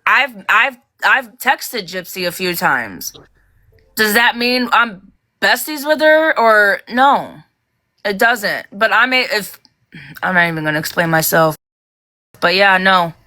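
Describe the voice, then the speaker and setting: A woman hosting a livestream, ranting heatedly and fast, swearing and rising to shouts. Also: mid-range voice, lively intonation. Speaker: livestream host.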